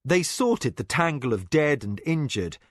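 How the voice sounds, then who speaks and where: A man narrating a fantasy novel in an expressive, dramatic reading. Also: medium pitch, unhurried, no room sound, clean studio sound. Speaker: audiobook narrator. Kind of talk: scripted narration.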